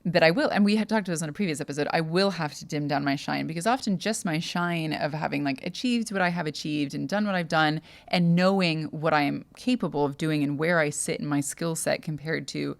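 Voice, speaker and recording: A young adult woman co-hosting a podcast, talking thoughtfully in a halting way and often restarting her sentences. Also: deep voice, gravelly. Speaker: podcast co-host. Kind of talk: casual podcast conversation.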